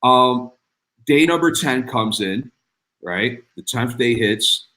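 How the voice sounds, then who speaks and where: A man's voice: lively intonation, slow, bright, forceful tone. A man telling his story as an interview guest, acting out the dialogue with big leaps in his voice. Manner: acts out dialogue, voice jumping high. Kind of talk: animated storytelling.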